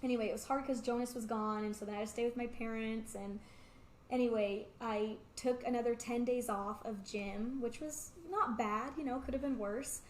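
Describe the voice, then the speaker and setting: A woman's voice: a little high, steady tone, normal speed, a little hiss or hum. A young woman in her twenties, an interview guest, telling a personal story in a chatty way full of "like". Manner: chatty, peppered with "like", acts out quoted remarks. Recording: echoey room with faint ambience.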